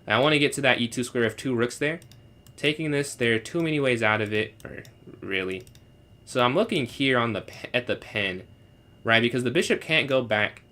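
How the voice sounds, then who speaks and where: A young man solving chess puzzles live, thinking aloud and answering chat, sometimes trying out halting beginner French. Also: medium pitch, lively intonation, sharp tone. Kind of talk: casual live-stream commentary.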